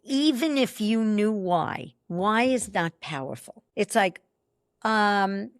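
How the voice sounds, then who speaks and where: A woman's voice: medium pitch, lively intonation, no echo, studio quality. An older woman guest on a podcast, telling stories emphatically and acting out the dialogue. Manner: emphatic, acts out dialogue, quick asides. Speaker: podcast guest, belief expert. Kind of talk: animated storytelling in conversation.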